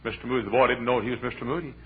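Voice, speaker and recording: A man preaching from the pulpit, pressing his point home with repeated calls and rhythmic phrases. His voice sits at a middling pitch. The sound is thin and narrow, like an old lo-fi tape of a church service. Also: steady tone, racing, breathy edge. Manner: fervent preaching with repeated exhortations. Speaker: pastor. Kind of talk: sermon. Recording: tinny lo-fi sermon recording.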